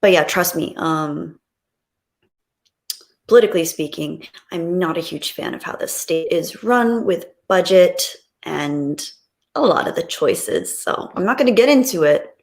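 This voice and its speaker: A woman's voice: lowish voice, a little slow, creaky. A woman chatting casually on a live stream, rambling reflectively with frequent ums.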